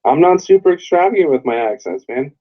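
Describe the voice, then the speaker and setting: A man's voice: a little high, big pitch swings, quick pace, highs cut off. A man co-hosting a casual wrestling podcast, blunt and swearing freely. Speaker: podcast co-host.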